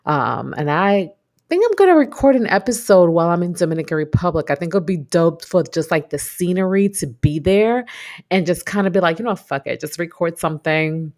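Low gravelly Brooklyn woman podcasting. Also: animated, fairly quick, darkish tone. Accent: New York. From New York (Brooklyn). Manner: reflective, chatty, casual slang. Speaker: podcast host. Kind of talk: casual solo podcast chat.

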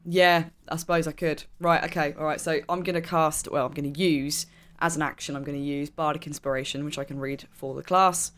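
A woman's voice: deep voice, steady tone, brisk, few pauses, a bit bright. A woman playing a tabletop role-playing game, talking casually and laughing easily. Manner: chatty, giggly. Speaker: player.

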